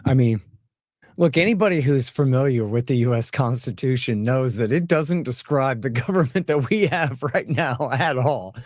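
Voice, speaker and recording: Animated man telling stories. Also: medium pitch, dry recording, clean studio sound. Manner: animated, chuckling, repeats phrases. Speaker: podcast host. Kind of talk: casual chat, anecdotal storytelling.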